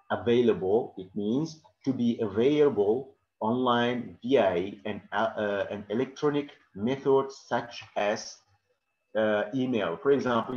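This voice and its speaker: Man teaching vocabulary, echoey room. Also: mid-range voice. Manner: explains slowly with frequent "okay?" checks. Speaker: English teacher. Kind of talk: classroom vocabulary lesson. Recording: echoey room, dull lo-fi sound.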